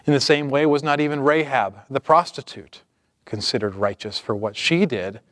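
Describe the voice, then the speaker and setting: Male pastor, mid pitch, measured sermon delivery, dry close-miked sound. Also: no echo. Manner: measured preaching, reading scripture aloud.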